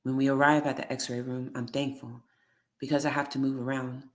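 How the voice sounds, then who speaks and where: An audiobook reader reading a first-person memoir in a steady, measured way. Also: medium pitch.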